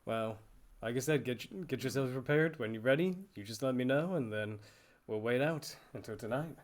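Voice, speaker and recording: Man, game master narration, relaxed, improvised, descriptive. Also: medium pitch, normal speed. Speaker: dungeon master.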